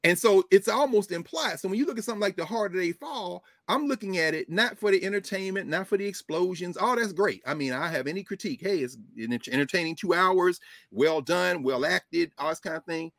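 A middle-aged man talks as a professor in a lively, emphatic flow, his pitch swinging widely as he builds his points. His voice sits a little high for a man. The sound is dry and close, with no room around it. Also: a little fast, hardly any pauses, no room sound. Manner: emphatic, digressive, laughs often, slips into acting out quotes. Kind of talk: animated conversational film and culture commentary.

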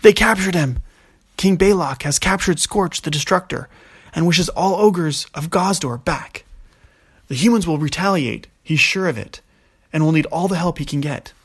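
A man voicing a big male ogre messenger who shouts urgent news in a loud, raised voice. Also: fairly high pitch, moderate pace, breathy edge, pitched above the performer's own voice. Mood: alarmed.

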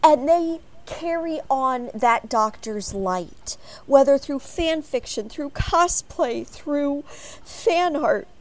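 An expressive American woman from Chicago speaks on a fan panel. Her voice sits a little high, and she tells her stories with plenty of animation to a live audience. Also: slow pace.

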